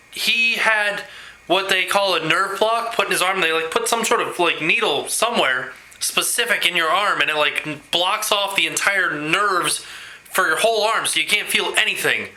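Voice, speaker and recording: A man talking in a rambling, animated way in a casual home video blog, quick to laugh. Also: high-pitched, rough recording. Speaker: vlogger. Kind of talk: casual vlog chat.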